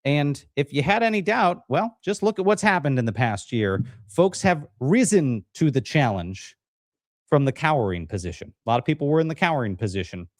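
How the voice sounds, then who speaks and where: Lively upbeat male livestream host. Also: a little high, a little fast, dry recording, studio quality. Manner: energetic, upbeat hosting. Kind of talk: live-stream political talk show.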